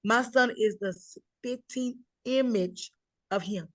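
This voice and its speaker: A middle-aged woman telling her life story in an interview, emphatic and animated, acting out the voices of the people she quotes. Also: on the high side, takes it slowly, dry recording. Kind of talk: conversational interview.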